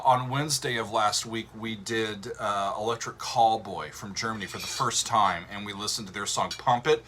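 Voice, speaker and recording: A man hosting a livestream, chatting casually with viewers in a relaxed, rambling way with lots of fillers and a drawl. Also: on the low side. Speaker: show host.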